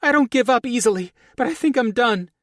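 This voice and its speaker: A frantic woman in labor squeals in a strained, far higher register, as a male narrator puts her on. Her voice swings widely and loudly, and it sounds close and dry with no room around it. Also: animated, brisk, no echo. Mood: panicked pleading. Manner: high-pitched squealing, strained. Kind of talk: audiobook character voice.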